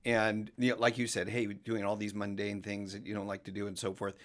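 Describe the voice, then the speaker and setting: A man's voice: on the low side, completely flat delivery, fairly quick. A man talking on a casual podcast as a mortgage professional guest, explaining things emphatically in long runs.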